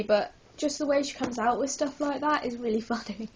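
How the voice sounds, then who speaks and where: A woman's voice: on the high side, a little fast, a little hiss or hum. A woman vlogging a casual book review, hyper and giggly, rambling with lots of apologetic asides.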